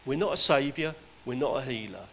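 A man's voice: mid-range voice, expressive, a little fast, a bit bright, slight background noise, poor audio. A man preaching a sermon, earnest and exhorting, his voice rising and dropping for emphasis.

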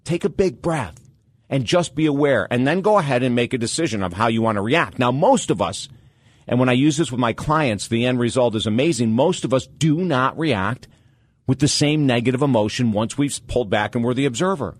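A man hosting a radio talk show with an energetic, motivational delivery. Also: medium pitch, fairly quick, no echo, clean studio sound.

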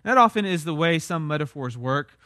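A man's voice: fairly high pitch, animated, fairly quick, pushed and bright, dry recording, studio quality. A young man, preaching a sermon in a conversational, emphatic way. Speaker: pastor.

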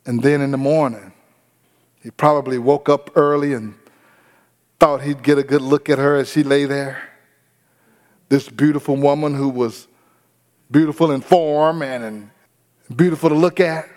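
A man's voice: on the high side, steady tone, moderate pace, pauses often, a little mellow, long reverb tail. A man preaching a sermon, retelling a story and putting questions to his congregation. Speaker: pastor.

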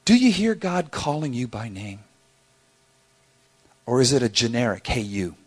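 A man's voice: mid-range voice, unhurried, slightly rough. A middle-aged man preaching a sermon as a pastor, telling stories with playful asides. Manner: animated storytelling with playful asides.

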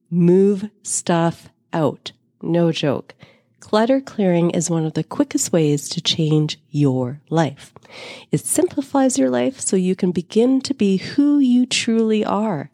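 A woman in her forties hosting a spiritual podcast, her voice raspy while she recovers from an illness, upbeat with slow emphatic phrases. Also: lowish voice, warm tone, no echo, studio quality. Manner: upbeat, with emphatic slowed phrases and bursts of laughter. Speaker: podcast host and spiritual teacher. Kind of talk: solo podcast monologue.

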